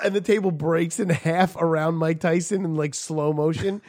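Man, podcast co-host, profane storyteller, slightly high voice, dry sound. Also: steady tone, normal speed, darkish tone, no room sound. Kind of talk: casual chat.

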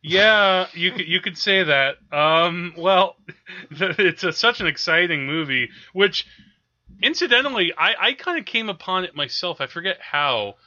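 A man's voice: high voice, expressive, measured pace, sharp tone, muffled recording. A man co-hosting a podcast, chatting casually about films with frequent laughs and hesitant fillers. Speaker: podcast co-host.

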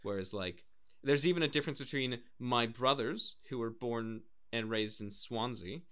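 A man's voice: medium pitch, moderate pace, a bit bright, clean tone. A young man chatting casually on a podcast, rambling and swearing freely. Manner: rambling, swears often, mimics callers. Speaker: podcast co-host. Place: Cardiff, Wales.

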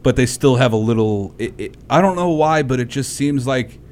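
A man's voice: mid-range voice, lively intonation, darkish tone. A man co-hosting a casual chat, agreeing often and chiming in. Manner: agreeable, quick to chime in.

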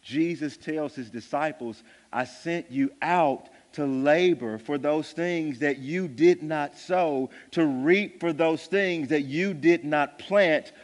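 A pastor preaches with animated, emphatic force, his voice pushing to loud peaks. His voice sits fairly high for a man. Long reverb from a large sanctuary trails behind every phrase. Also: slow, hardly any pauses. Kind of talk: sermon.

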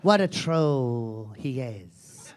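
A man's voice: medium pitch, expressive, drawn-out words, a little mellow. A man performing a brash, foul-mouthed female self-help seminar guru in a live comedy character act, mocking and insulting the audience.

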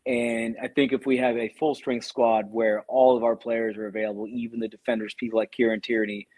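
A man talks through his football opinions at an even pace. His mid-range voice is a little husky, and the sound is dry and close. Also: medium pitch, fairly quick, no room sound. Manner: steady, opinionated analysis. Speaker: podcast co-host. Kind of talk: casual football chat.

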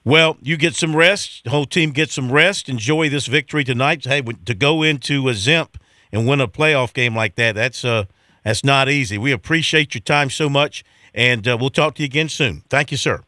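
Bright-voiced sports radio host. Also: male voice, medium pitch, normal speed, no echo, studio quality.

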